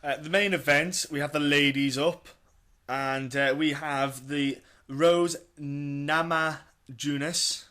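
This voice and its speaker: Man, podcast co-host, enthusiastic, repetitive, bright tone. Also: fairly high pitch, fairly even intonation, unhurried. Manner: chatty, enthusiastic, repeats himself. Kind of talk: casual fight-pick chat.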